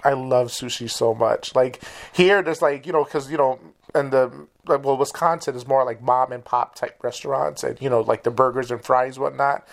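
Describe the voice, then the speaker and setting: A man with a New York accent hosting an interview, enthusiastic and quick to laugh, with many fillers. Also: medium pitch, fairly even intonation, vocal fry. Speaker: host. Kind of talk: casual interview chat.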